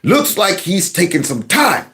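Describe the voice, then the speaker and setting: A man hosting a political commentary vlog, talking in an animated, mocking, folksy way. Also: high-pitched, a little slow. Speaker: commentary channel host.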